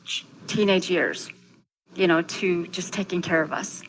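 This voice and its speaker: Earnest low-voiced woman guest. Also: steady tone, measured pace, a little hiss or hum, rough recording. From Navajo Nation, southwestern US. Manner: earnest and heartfelt, many fillers. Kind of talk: candid conversational interview.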